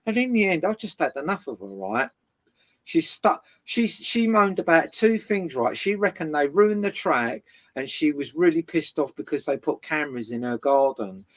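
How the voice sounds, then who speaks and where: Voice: medium pitch, moderate pace. A brash, swearing storyteller. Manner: swears constantly, animated retelling. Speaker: guest. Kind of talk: casual storytelling.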